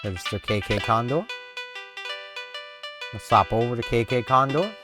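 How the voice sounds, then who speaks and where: A man rambling through casual gameplay commentary, self-deprecating and chatty, his pitch sitting mid-range but bouncing lively up and down. Upbeat game music plays clearly behind him. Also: normal speed. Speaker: gaming channel host.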